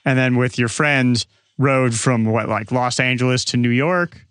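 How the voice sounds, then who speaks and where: A man's voice: medium pitch, unhurried, fairly bright tone, clear, resonant tone, no echo, clean studio sound. A man hosting a podcast interview, recapping and prompting his guest's story. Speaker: podcast host. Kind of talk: interview chat.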